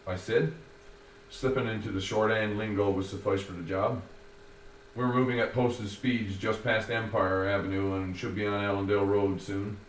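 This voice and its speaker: A man reading his own first-person story in a wordy, formal, measured way. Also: lowish voice, steady tone. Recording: roomy, distant, faint noise.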